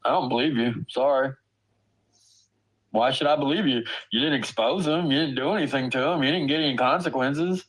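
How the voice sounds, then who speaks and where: A man's voice: medium pitch, brisk, fairly bright tone, poor audio. A man, a father, ranting angrily to his stream, swearing hard and stammering in disbelief. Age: adult parent. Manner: angry, profane, stammering with disbelief. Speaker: streamer ranting about online drama. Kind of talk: heated profane rant.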